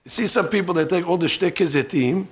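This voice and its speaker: A man teaching a hands-on religious lesson, animated and joking, dropping Hebrew terms as he demonstrates. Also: high-pitched, a little fast. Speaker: rabbi teaching. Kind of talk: demonstration lesson on ritual practice. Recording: archival lesson recording.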